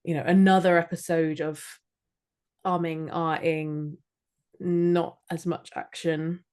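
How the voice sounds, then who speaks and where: A woman's voice: lowish voice, flat delivery, normal speed, a little mellow. A woman in her late thirties from Scotland, co-hosting a podcast in chatty, self-mocking casual talk. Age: 30s. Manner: chatty, laughs at herself, swears casually. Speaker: podcast co-host. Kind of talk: casual chat.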